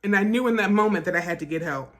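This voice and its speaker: A woman vlogger telling a personal story in a casual storytime style, animated, profane and emphatic. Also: mid-range voice, fast.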